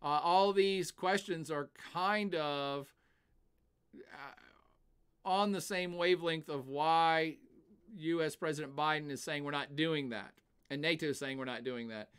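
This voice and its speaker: Older male streamer, animated and chatty, answers viewer questions. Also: a little high, measured pace, clear, resonant tone. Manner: animated, laughs often, puts on silly voices. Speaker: livestream host. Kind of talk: casual livestream chat, answering chat questions.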